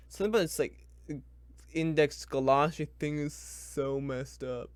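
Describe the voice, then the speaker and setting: A man's voice: mid-range voice, sing-song, measured pace. Exasperated young man ranting. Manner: exasperated, ranting, muttering then loud. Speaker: reviewer. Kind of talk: live blind reaction.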